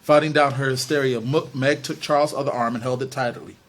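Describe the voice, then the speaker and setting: A man reading a novel aloud for an online book club, steady and with small slips. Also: medium pitch, fairly quick.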